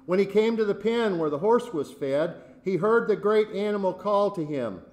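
A man preaching a sermon and telling a fable, deliberate with measured pauses. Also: high voice, lively intonation, darkish tone.

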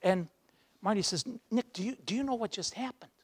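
A man giving a motivational speech, telling a story and acting out its voices, dropping low for the dramatic moments. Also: a little fast, breathy edge. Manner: acts out the voices in his stories, drops low for dramatic moments. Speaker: guest speaker. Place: university lecture hall.

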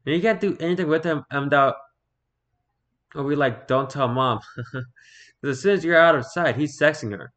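A man reading online stories aloud in a casual, halting way, stumbling over words and breaking off to comment. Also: fairly high pitch, a bit bright, dull audio. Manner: reads haltingly, stumbles and repeats words, then comments offhand.

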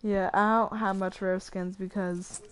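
A woman's voice: medium pitch, little pitch movement, measured pace. A young woman chatting casually with friends while playing a game, often trailing off with fillers. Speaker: gamer streamer. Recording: faint noise and clicks.

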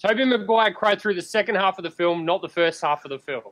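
A man's voice: sits high, fast, fairly bright tone. A man co-hosting a podcast, bluntly and stubbornly contradicting a friend. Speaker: podcast co-host. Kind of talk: casual argument.

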